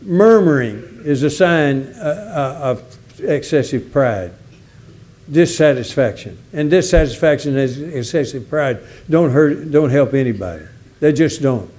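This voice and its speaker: A man delivering a sermon with a folksy, emphatic delivery. His voice sits a little high for a man, with a mellow, dark-edged tone. He leans on repeated words to drive each point home. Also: lively intonation, unhurried. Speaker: visiting preacher.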